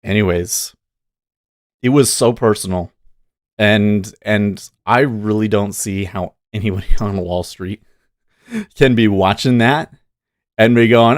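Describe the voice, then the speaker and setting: A man's voice: lowish voice, measured pace, no room sound. Opinionated male streamer, casual rambling delivery, dry sound. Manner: opinionated, rambling, talks back to chat. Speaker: livestream day-trading host. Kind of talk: casual live-stream commentary.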